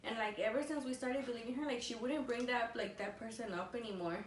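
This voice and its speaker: A woman's voice: on the high side, fast talker. A young woman casually telling a story over a meal, rambling with constant "like" fillers and switching languages mid-sentence. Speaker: vlogger co-host. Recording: echoey room, distant mic, faint noise.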